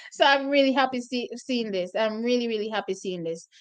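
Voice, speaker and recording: A woman with a slightly high voice hosts her own track and field vlog. She chats loosely and directly to her viewers, reacting to each result with open feeling. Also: normal speed. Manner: chatty, addresses viewers directly, openly emotional. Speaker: track and field channel host. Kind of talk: casual vlog commentary on race results.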